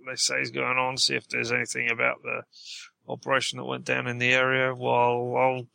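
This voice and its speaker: A man's voice: medium pitch, monotone, fairly quick, gravelly, sharp tone, no echo. A man playing in a tabletop game, talking in an exasperated way with sighs. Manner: exasperated, lots of sighs and "jeez". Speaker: player.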